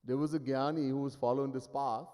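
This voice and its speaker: A man's voice: mid-range voice, fairly even intonation, quick pace, warm tone. A man giving a sermon as a spiritual teacher. He tells stories in an emphatic, wry way. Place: ashram hall. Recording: long hall reverb.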